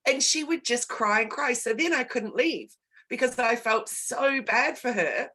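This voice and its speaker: A woman's voice: fairly high pitch, animated, a little slow, bright, forceful tone, breathy edge. A woman consultant talking candidly in a casual conversation, stressing points by repeating words. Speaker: guest and business consultant.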